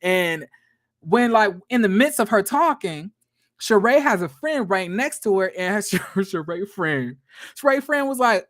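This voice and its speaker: Pitched high, a man offers an offhand recap of reality TV. He laughs readily and stays animated, speaking bluntly, gossiping and swearing as he goes.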